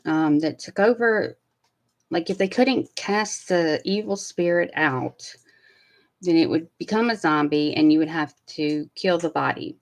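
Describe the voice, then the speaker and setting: A woman with a drawl chats through her commentary, her voice sitting low for a woman. She rambles a little, with plenty of fillers as she gathers her thoughts. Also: measured pace. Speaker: commentary host. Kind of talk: casual commentary chat.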